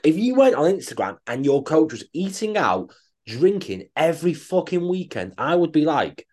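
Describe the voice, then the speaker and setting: A man's voice: on the high side, very animated, normal speed. A man co-hosting a coaching podcast, ranting bluntly and swearing in casual chat.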